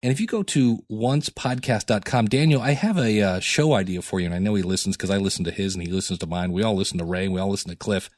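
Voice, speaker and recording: A man's voice: deep voice, quick pace, hardly any pauses, a little mellow, no room sound, clean studio sound. A man hosting his own podcast, talking casually and rambling with jokey asides, tired from lack of sleep. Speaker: podcast host. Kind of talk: casual solo podcast talk.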